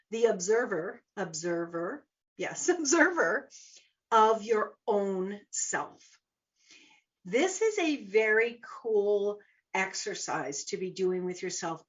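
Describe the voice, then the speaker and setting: A woman speaking as a business coach in a motivational talk, expressive and emphatic, often repeating words for stress. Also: mid-range voice, lo-fi sound.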